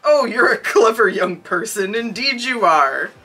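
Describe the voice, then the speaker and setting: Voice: animated, a little slow. A podcast host voicing a frantic miserly old man while reading a storybook aloud. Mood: overjoyed. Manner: high, loud, pleading cries.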